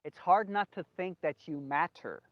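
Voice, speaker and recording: A man's voice: on the high side, normal speed, no echo. A man hosting a solo video monologue, rambling, repeating himself emphatically and losing his train of thought. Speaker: video host. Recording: dull lo-fi, dry sound.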